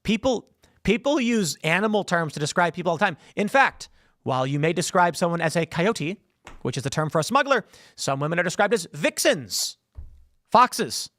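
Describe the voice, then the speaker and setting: A man's voice: high-pitched, very animated, moderate pace, a bit bright, no room sound, clean studio sound. A man hosting live political commentary, talking in a sarcastic, mocking way and slipping into mock voices. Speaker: political show host. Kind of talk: opinionated live-stream commentary.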